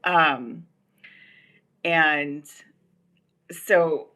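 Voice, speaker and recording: Deep, bright and forceful, this woman's voice draws out words as she hosts a relaxed livestream in the Los Angeles area. Her long personal story wanders, heavy with fillers like "like" and "um."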